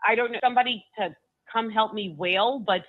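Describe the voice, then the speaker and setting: Halting woman on a tinny phone line. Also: a little high, no echo. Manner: halting, with frequent restarts and repeated words. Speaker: guest recounting a personal story. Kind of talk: emotional first-person storytelling.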